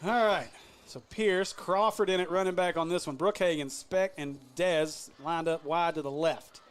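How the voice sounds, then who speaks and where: A man calls a high school football game play by play, his voice sitting a little high. He jokes easily with his partner and lets his voice leap when the defense makes a big stop. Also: moderate pace, slight background noise. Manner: jokey, laughs often, shouts big plays. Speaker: play-by-play announcer.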